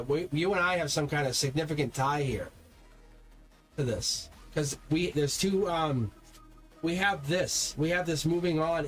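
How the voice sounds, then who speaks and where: Guy doing a live tarot stream, repeats himself a lot, swears when he gets worked up, bit of a higher voice, soft music in the back. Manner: talks straight to viewers, swears when heated; rambling, repeats words and restarts. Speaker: tarot reader.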